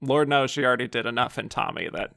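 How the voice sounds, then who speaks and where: A man's voice: medium pitch, fast, vocal fry, sharp tone, smooth, dry recording, clean studio sound. A man hosting a podcast in casual film chat, reading listener comments aloud and laughing often. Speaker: podcast host.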